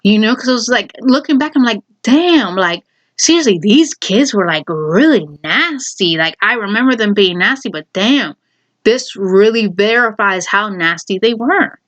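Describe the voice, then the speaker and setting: A woman's voice: medium pitch, expressive, normal speed, fairly bright tone. A woman vlogger telling a personal story in casual talk, heated and exasperated, swearing freely.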